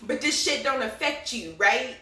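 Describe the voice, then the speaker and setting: A woman's voice: a little high, expressive, a little slow, bright, forceful tone, recorded from a distance, a little hiss or hum. A woman giving casual, profane commentary, sarcastic and repeating lines for emphasis. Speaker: political commentary vlogger. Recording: echoey room, voice somewhat off mic.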